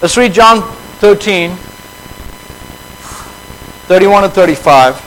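A man with a high voice delivers a conversational sermon. He drops quiet and low for reflection, then climbs high and lively as he acts out quick exchanges. A faint hum runs under the recording. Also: low-quality recording. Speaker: preacher.

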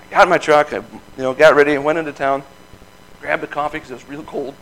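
A man's voice: a little high, fairly even intonation, quick pace, vocal fry, fairly bright tone, rough recording. Earnest man telling a folksy testimony. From Michigan. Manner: folksy, earnest storytelling with laughs. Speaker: lay speaker giving testimony. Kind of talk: informal sermon testimony.

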